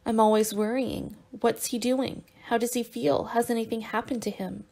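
A woman's voice: on the high side, fairly even intonation, normal speed, gravelly, warm tone. A woman voicing a devoted young wife who speaks in a worried, earnest way, in an audiobook.

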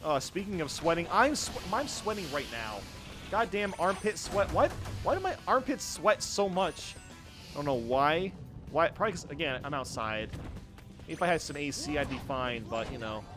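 A young man giving casual, jokey let's-play commentary, reacting loudly to the game as he plays. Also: on the high side, normal speed. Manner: excitable, jokey, yelps at the game. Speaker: gaming YouTuber. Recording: faint game music behind.

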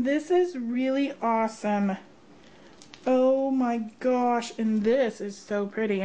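High-pitched lady unboxing gifts, gasping and gushing, takes her time. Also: dark tone. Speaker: craft vlogger. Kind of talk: unboxing vlog.

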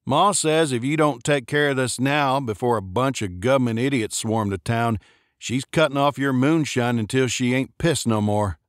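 A nervous young man, polite and eager to please, as a male narrator puts him on. He talks hesitantly, with a slightly raised, lighter pitch than the narration. The sound is dry and close. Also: normal speed, dry recording, lightly acted. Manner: hesitant, deferential.

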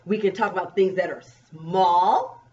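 A woman teacher giving a remote pre-K lesson, drawing out words and asking young children gentle questions. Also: lowish voice. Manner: slow, drawn-out, coaxing questions to young children. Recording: dull, distant recording.

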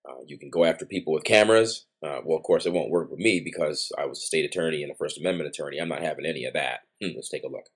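A man's voice: rumbling low, husky. A man filming officials, talking bluntly and combatively in a confrontational documentary style. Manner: blunt, combative, rapid-fire. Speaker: citizen journalist filming officials.

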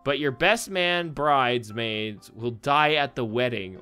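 A man's voice: mid-range voice, lively intonation, slow pace, pushed and bright, clear, resonant tone. A young man commenting casually on a quiz game, rambling, thinking aloud and laughing often. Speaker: gaming YouTuber. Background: faint background music.

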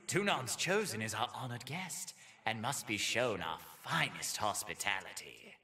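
A man's voice: fairly low pitch, expressive, a little slow, sharp tone, heavily acted. An actor playing a haughty, mocking male spymaster in a mask who talks of himself as "we". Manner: mocking, lofty, speaks of himself as "we".

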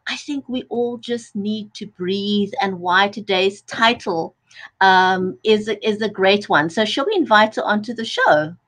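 A woman's voice: medium pitch, measured pace, a bit bright. A woman hosting a live talk show, upbeat and welcoming as she introduces a guest.

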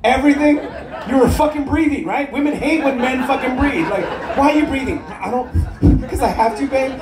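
Profane high-voiced male stand-up comic. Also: brisk. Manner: profane, teasing, laughing at his own jokes. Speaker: stand-up comedian. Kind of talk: crowd-work stand-up. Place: cruise ship comedy club. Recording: echoey room, loud crowd laughter.

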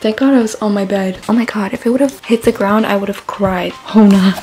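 A woman's voice: medium pitch, brisk, a little mellow, low-quality recording. A teenage girl vlogging at night from her bedroom into a camera on a tripod, chatty and self-mocking, often dropping into a whisper. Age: teens. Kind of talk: casual late-night vlog chat.

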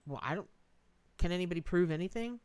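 A woman's voice: lowish voice, lively intonation, quick pace, darkish tone, clean tone, dry recording. Folksy woman reading tarot live. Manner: folksy and emotive, thanks donors, says y'all and Lordy. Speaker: tarot reader and livestream host.

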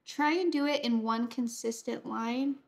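Chatty woman with a gravelly edge. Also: a little high, unhurried. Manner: chatty, easily distracted while painting. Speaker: watercolor instructor. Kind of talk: casual painting tutorial chat. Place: home art studio.

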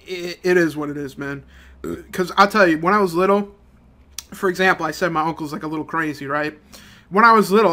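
A young man ranting in a casual, profane, rambling way, swinging between low mutters and loud outbursts. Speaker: gaming channel host. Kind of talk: casual rant over gameplay.

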